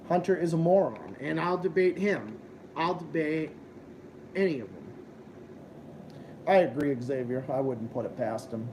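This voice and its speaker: A man's voice: a little high, expressive, measured pace, pauses often, a little mellow, a little hiss or hum. A young man hosting a live stream, ranting and swearing as he chats with viewers. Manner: profane, ranting, combative. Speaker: livestream host. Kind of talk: casual live-stream chat.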